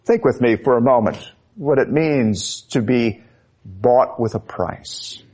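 A man preaching a sermon, slow and emphatic, his voice rising when he quotes Scripture. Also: medium pitch, animated, darkish tone, husky. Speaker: pastor.

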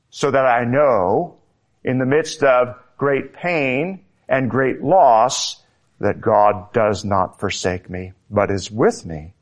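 A man preaching a sermon, slow and emphatic, lifting his voice to stress key words. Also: medium pitch. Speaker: pastor.

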